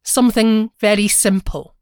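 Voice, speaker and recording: A woman's voice: medium pitch, fairly even intonation, moderate pace, clear, resonant tone, no echo, studio quality, natural voice. Woman voicing an earnest, eager-to-please husband. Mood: coaxing. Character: anxious eager-to-please husband, a modest clerk.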